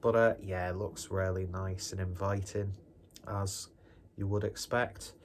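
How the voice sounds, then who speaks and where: A man's voice: deep voice, steady tone, unhurried, a little hiss or hum. A man casually reviewing a beer on his vlog in a rambling, jokey, self-deprecating way.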